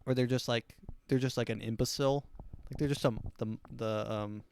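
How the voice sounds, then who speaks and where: A man's voice: mid-range voice, fairly even intonation, normal speed, darkish tone, clean tone. A man hosting his own podcast, rambling through a crude, self-amused comedic monologue. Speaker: podcast host.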